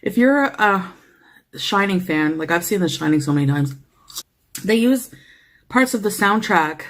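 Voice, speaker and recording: A breathless, slightly wheezy woman rambles through a casual vlog, piling on fillers and asides. Her voice sits at an ordinary middle pitch. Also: expressive, a little slow, pauses often. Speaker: vlogger. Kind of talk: casual show-and-tell vlog.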